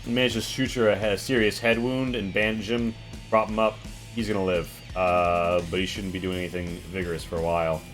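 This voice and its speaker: Low-voiced male game master. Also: fairly even intonation, fairly quick, soft background music. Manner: loose, filler-heavy narration. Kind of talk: narrating a tabletop game.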